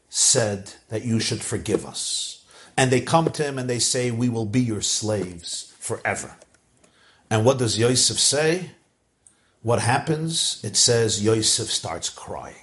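Animated male rabbi teaching Torah. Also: mid-range voice. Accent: Ashkenazi Hebrew pronunciation. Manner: animated, emphatic, repeats phrases for emphasis; mixes Hebrew and Yiddish words into English. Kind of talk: Torah lecture.

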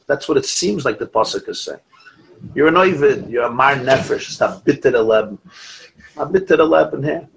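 A man teaching a Torah class as a rabbi, lively, quoting Hebrew texts and telling stories. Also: mid-range voice, moderate pace, creaky, poor audio. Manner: animated, quotes Hebrew and Aramaic texts, asides and restarts.

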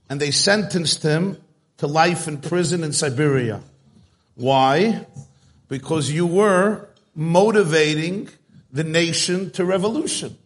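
A man giving a storytelling talk to a live audience, chatty and joke-telling, speaking straight to his listeners. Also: fairly high pitch.

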